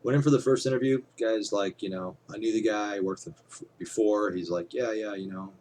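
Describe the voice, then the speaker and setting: A man's voice: fairly low pitch, brisk, a little mellow, a little hiss or hum. A man talking casually to his camera, rambling with lots of fillers and casual swearing. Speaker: vlogger.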